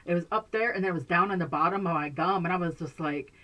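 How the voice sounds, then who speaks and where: A woman's voice: lowish voice, fast talker, bright, forceful tone, low-quality recording. A woman vlogger chatting casually to her camera in a messy room at home, rambling with many fillers, restarts and frequent laughs.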